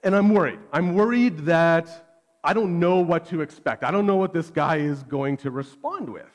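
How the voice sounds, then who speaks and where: A man, preaching a sermon and telling a self-deprecating personal story with animated energy. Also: a little high, normal speed. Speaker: pastor.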